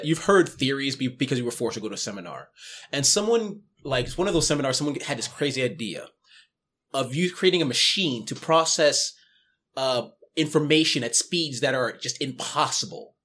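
Brief: male game master, husky voice, hushed storyteller. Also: medium pitch, very animated, fairly quick. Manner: storytelling, trails off to a hush at grim parts. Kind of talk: narrating a tabletop game.

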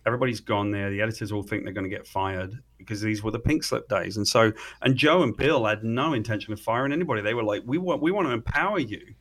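A man's voice: fairly low pitch, fast, few pauses. A man with a British accent, a comic writer guest telling a story casually in an interview, acting out the dialogue. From Britain. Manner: animated storyteller, acts out quoted dialogue.

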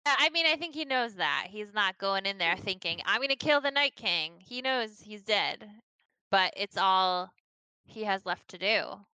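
Bright, crisp woman chatting casually. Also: medium pitch, lively intonation, unhurried, no room sound, rough recording. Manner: casual, giggly, uses "like" often. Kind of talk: casual TV recap chat.

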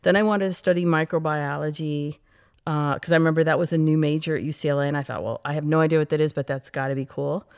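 A middle-aged woman from the United States, an interview guest, telling stories in a lively, chatty way and acting out her past self. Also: sits low, fast talker, clear, resonant tone. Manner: animated, quotes her past self, frequent laughs and "like". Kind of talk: casual interview storytelling.

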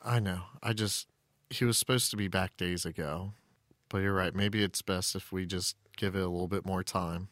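A man's voice: low voice, fairly even intonation, moderate pace, a bit bright, dry recording, studio quality. A man playing an anxious thirteen-year-old boy sorcerer, speaking earnestly and hesitantly. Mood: resigned.

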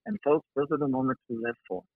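A man's voice: mid-range voice, wildly swooping pitch, quick pace, gravelly, no room sound. A man appearing as an author guest on a podcast, talking in an earnest, encouraging way. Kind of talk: casual podcast chat. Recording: tinny phone-like remote line.

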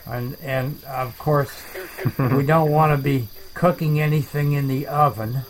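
A man hosting a comedic chat show, rambling deadpan and making up silly words. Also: medium pitch, unhurried, low-quality recording. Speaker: podcast host.

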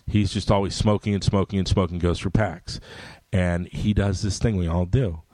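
A middle-aged man, a comic book writer, telling stories in casual conversation and jumping into loud voices for quoted lines. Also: sits low, fairly even intonation, moderate pace, no echo.

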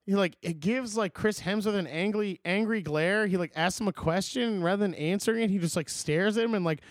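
A man's voice: high-pitched, fairly quick, no echo. A young man in casual chat, rambling and swearing as he retells movie scenes. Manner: rambling, profane, quotes movie lines in put-on voices.

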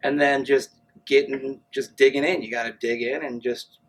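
A man's voice: mid-range voice, level tone, moderate pace, breathy edge, poor audio. A man telling stories casually as an interview guest, acting out the voices of the people he quotes. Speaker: guest, amateur triathlete.

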